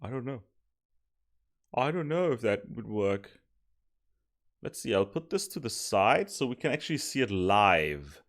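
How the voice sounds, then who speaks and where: A man streaming while he codes, thinking aloud, mocking his own mistakes and sometimes yelling happily. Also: mid-range voice, measured pace, long pauses. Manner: thinks aloud, self-mocking, bursts of excited yelling and laughter. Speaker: streamer coding a simulation tool. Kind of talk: casual live coding commentary.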